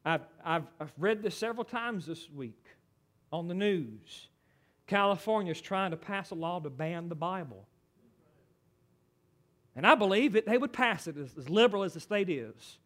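A man preaching a sermon, swinging from loud dramatic pleading to hushed, low lines. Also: lively intonation, moderate pace.

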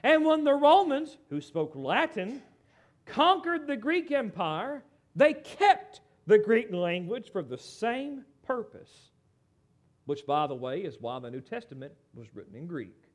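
A middle-aged American man preaching a sermon in an animated, conversational way, with asides to the congregation. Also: high-pitched, measured pace. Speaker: pastor.

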